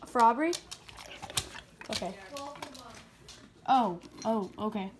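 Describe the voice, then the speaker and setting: A woman's voice: a little high, slow pace, noisy background. A young woman vlogging casually into a phone camera, rambling and chatty with lots of fillers. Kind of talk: casual vlog chat. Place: outdoors on a porch at night.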